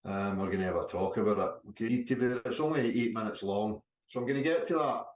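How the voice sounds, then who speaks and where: A man's voice: lowish voice, quick pace, a little mellow, dry recording. A man earnestly presenting and explaining a demonstration in a video clip played during a live stream. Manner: earnest, instructive.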